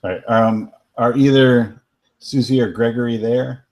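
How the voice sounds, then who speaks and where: A man's voice: mid-range voice, steady tone, a little slow, a little mellow. A young man with a New York accent playing his character in a tabletop game, brash and swearing. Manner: brash, swearing, streetwise talk. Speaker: player. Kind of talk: in-character tabletop role-play.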